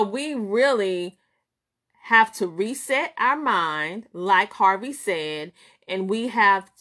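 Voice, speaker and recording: A woman's voice: mid-range voice, slow, bright, forceful tone. Emphatic Southern woman coaching. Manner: preachy and emphatic, repeating phrases for effect; greets viewers by name and laughs easily. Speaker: business coach and show host. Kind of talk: live-stream motivational talk.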